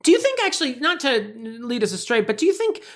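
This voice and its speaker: A woman's voice: high voice, very animated, fast talker. A woman co-hosting a comedy podcast, chatting casually and rambling through jokes with frequent laughs. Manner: jokey, rambling, laughs often. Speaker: podcast co-host. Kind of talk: casual chat.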